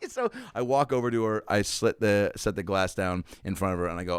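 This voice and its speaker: A man's voice: lowish voice, a little fast, smooth, no echo, clean studio sound. A man telling a stand-up comedy story in casual chat, acting out the quotes with big jumps in his voice. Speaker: comedian guest.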